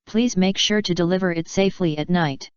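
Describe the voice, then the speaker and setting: A woman's voice: fairly low pitch, fairly quick, clean tone, dry recording, lo-fi sound, natural voice. A woman reading the lines of a nervous, hesitant male creature in an anxious way. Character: nervous small white plant-like male creature.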